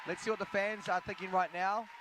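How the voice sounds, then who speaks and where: Teasing male host over clear noise. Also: high-pitched, steady tone, fairly quick, fairly bright tone, rough recording. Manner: teasing, hammy, audience-addressing. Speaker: host of an online companion show. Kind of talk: upbeat live hosting banter.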